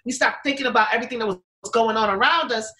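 Bright-voiced chatty woman telling her story. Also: on the high side, fast, low-quality recording. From United States. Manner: chatty, many fillers and restarts, acts out quotes. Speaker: interview guest, pizza business owner. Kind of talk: casual interview storytelling.

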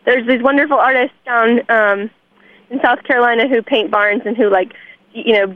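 A woman hosting a radio interview, thoughtful and pausing with frequent fillers. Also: fairly high pitch, fairly even intonation, no room sound. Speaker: radio host. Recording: tinny phone line.

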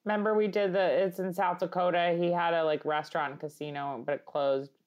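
A woman's voice: fairly low pitch, little pitch movement, brisk, darkish tone. A woman co-hosting a podcast with a Long Island accent, chatting casually, rambling and laughing as she reads articles aloud. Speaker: podcast co-host. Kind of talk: casual comedic chat.

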